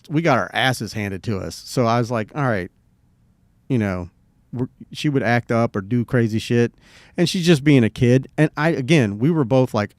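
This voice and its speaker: A man's voice: mid-range voice, no room sound. A middle-aged man co-hosting a podcast, telling a personal story in a laid-back, rambling way and swearing freely. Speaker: podcast co-host. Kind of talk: casual storytelling chat.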